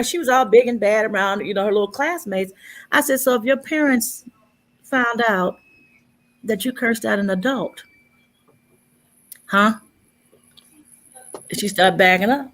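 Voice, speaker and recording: A woman telling stories on a casual panel chat, playing out each quoted exchange. Her voice sits fairly high, and she talks in a lively, animated way. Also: moderate pace, long pauses. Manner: storytelling, acting out quoted dialogue.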